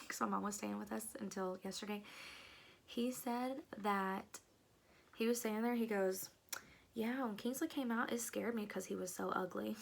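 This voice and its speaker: A young woman talks casually to her viewers, full of fillers and sudden hushed asides. Her voice carries a noticeable creaky fry, and her pitch sits right in the middle for a woman. The delivery is loose and conversational, like a long chat with a friend. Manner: chatty, many "like" fillers, drops to hushed asides. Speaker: vlogger. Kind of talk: casual storytelling.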